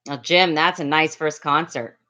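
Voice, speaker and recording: A woman's voice: low-pitched, slow, pushed and bright. A middle-aged woman from the Miami area telling a casual story to a livestream chat, rambling and reading out viewer names as she goes. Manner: chatty, reads out viewer names. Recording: slightly dull lo-fi audio.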